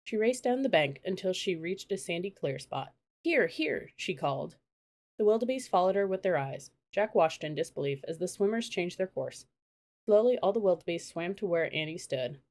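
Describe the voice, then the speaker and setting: Audiobook narrator: woman, lowish voice, steady children's storytelling. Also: a little fast.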